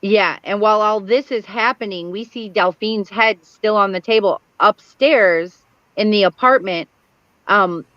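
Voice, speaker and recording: A woman's voice: medium pitch, measured pace, fairly bright tone, no room sound. A woman co-hosting a casual chat, walking through a plot step by step with frequent ums. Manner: methodical narrator with frequent ums. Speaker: co-host. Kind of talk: casual chat recapping a TV episode. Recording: dull lo-fi stream audio.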